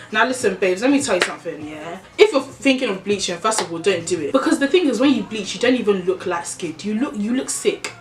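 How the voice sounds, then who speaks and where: A woman from Nigeria ranting in an opinion vlog, blunt and animated, calling her viewers babes. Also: medium pitch, echoey room. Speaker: vlogger.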